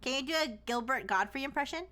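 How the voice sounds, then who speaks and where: A woman streamer with a high, bright voice, chatting casually and bluntly with her audience. Her pitch leaps around animatedly, and her talk has a playful, irreverent edge. Swearing comes easily to her. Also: lively intonation, quick pace. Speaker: streamer host. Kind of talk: casual live-stream chat.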